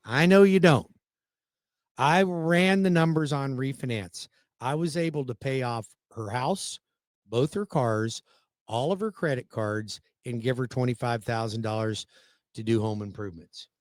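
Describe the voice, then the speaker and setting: A man hosting a radio show as a mortgage lender, telling a client story in a persuasive, animated way, with big swings in pitch and loudness for emphasis. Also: dry recording, studio quality.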